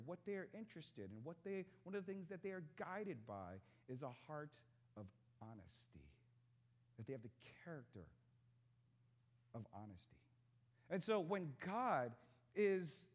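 A man in his thirties preaching a sermon in a church, conversational and joking with the congregation. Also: on the high side. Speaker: pastor.

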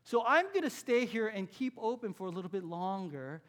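A man's voice: high voice, very animated, normal speed, fairly bright tone. A man voicing a self-serving ancient male merchant who muses smugly to himself within a sermon.

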